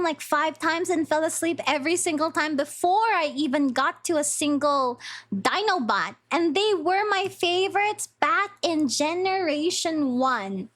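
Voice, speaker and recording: A young woman chatting casually on a live stream in a very high voice. She is bubbly and rambling, laughs easily, and takes her time over the words. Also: a bit bright. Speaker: VTuber streamer.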